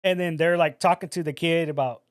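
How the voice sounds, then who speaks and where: Man retelling a story, slightly high voice. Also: a little fast, no echo, studio quality. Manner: animated storyteller, acts out quotes; casual, says "bro". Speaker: podcast co-host. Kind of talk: casual podcast chat.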